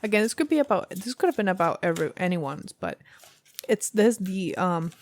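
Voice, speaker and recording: A woman's voice: mid-range voice, big pitch swings, fairly quick. A woman giving a casual tarot reading to camera, rambling and thinking aloud with many fillers. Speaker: tarot reader.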